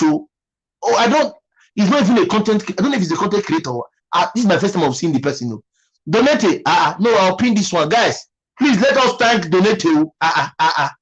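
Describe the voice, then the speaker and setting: A man's voice: high voice, husky, poor audio. A man with a Nigerian accent hosting a casual live stream, musing aloud and thanking viewers by name.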